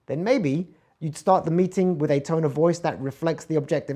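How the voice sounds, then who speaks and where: Man, communication coach, course lesson, slightly high voice, loud bursts then near-whispers. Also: moderate pace. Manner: demonstrates tone shifts, swinging between loud bright emphasis and soft low murmurs. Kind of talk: instructional talk from an online course.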